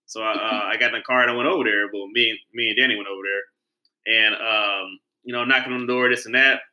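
A man's voice: on the low side, steady tone, fast talker, sharp tone, poor audio. A man in casual chat, telling a story in a rambling way with many restarts.

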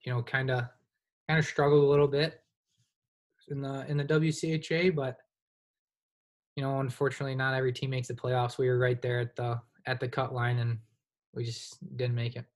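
Pausing often but speaking a little fast, this medium-pitched young man in his twenties is a college goaltender guesting on a podcast. His casual, rambling talk is heavy with "you know."

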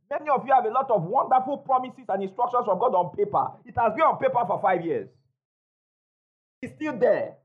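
Emphatic preacher with a lively, high voice. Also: male voice, breathy edge, highs cut off. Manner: emphatic preacher, repeats key phrases, call-and-response with congregation. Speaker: pastor. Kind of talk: sermon. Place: church hall before a congregation.

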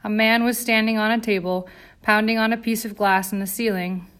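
A woman narrating an audiobook in a steady, dramatic storytelling voice. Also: fairly high pitch, a little fast.

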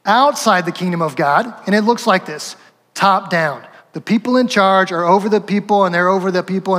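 High-voiced male pastor preaching in a hall. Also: fairly bright tone. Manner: conversational, acts out quotes, chuckles, rhetorical asides. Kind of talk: sermon.

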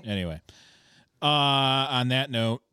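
A man's voice: medium pitch, slow pace, bright, forceful tone, clear, resonant tone. A young man co-hosting a podcast, joking around and laughing often in crude casual chat. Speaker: podcast co-host.

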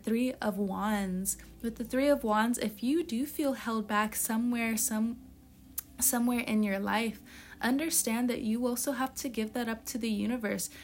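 A woman with a fairly high, youthful-sounding voice reads tarot cards in a loose, casual spoken style. She talks bluntly and swears freely as she hands out tough-love advice. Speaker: tarot reader.

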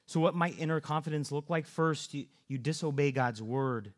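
A man's voice: on the high side, moderate pace. Male preacher, earnest sermon delivery, frequent restarts. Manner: earnest, repeats words and restarts often.

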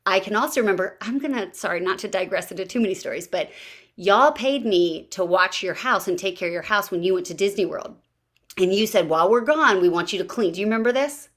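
A woman hosting a casual podcast conversation, telling stories in a lively way and acting out what others said. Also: mid-range voice, fast talker. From Baltimore area, US. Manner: lively storyteller, acts out quotes. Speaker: podcast host.

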